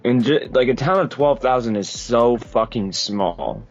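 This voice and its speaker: A man co-hosting a casual podcast, speaking in slang and dropping dry deadpan remarks. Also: medium pitch, unhurried, lo-fi sound. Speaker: podcast co-host.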